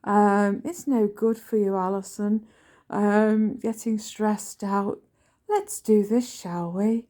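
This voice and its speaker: A woman imitating her grown son, who puts on a soft, coaxing mindfulness-guide voice to calm her down. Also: medium pitch, slow pace, natural voice. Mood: soothing.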